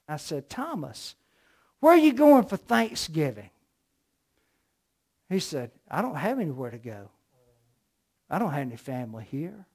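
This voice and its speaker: A middle-aged man from the American South with a Southern accent, preaching a sermon with emphatic, storytelling delivery. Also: a little high.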